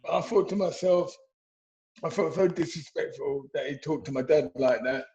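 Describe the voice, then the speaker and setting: High-voiced middle-aged man, animated storyteller. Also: normal speed, dull audio. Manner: animated storytelling with repeated restarts. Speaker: interview guest, former boxer. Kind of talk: casual interview.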